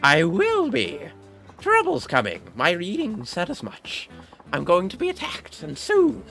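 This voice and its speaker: A man's voice: wildly swooping pitch, unhurried, vocal fry, fairly bright tone, soft background music, full character voice. A man voicing an old fortune teller woman in a crackly hag voice, cryptic and theatrical. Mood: mysterious. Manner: high-pitched and dramatic.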